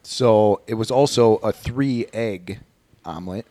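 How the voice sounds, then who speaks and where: A man with a low, dry voice talks playfully about the breakfast he cooked. He laughs often as he defends his cheese. The sound is close, with little room echo. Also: takes it slowly, dark tone. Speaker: breakfast cook. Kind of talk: casual family chat.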